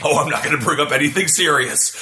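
An American man co-hosting a podcast, telling stories and teasing in a lively, casual comedic chat. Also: fairly high pitch, fast talker. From United States. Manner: lively storyteller, teasing, animated. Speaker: podcast co-host.

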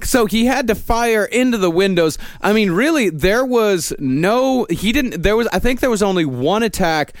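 A man hosting a podcast, telling the story and dropping his voice low at the ends of sentences. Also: animated, moderate pace, hardly any pauses, no echo, studio quality. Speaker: podcast host. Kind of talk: true-crime narration in casual chat.

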